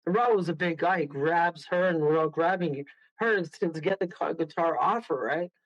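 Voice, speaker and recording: A man's voice: on the high side, moderate pace, no echo, highs cut off. A man, a guest medium on a radio show, telling a rambling story full of laughs and acted-out quotes.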